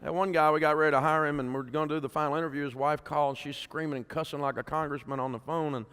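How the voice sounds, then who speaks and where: A man's voice: on the high side, fairly even intonation, racing, fairly bright tone, clear, resonant tone. A middle-aged man, speaking to a conference audience in a folksy storytelling way and often asking the crowd questions. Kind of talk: speech to an audience. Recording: long hall reverb.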